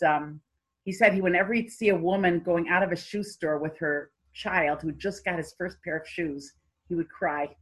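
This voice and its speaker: A woman's voice: lowish voice, husky, rough recording. A woman giving an informal Torah lecture, telling stories in a conversational way with many fillers and restarts. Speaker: Torah class teacher.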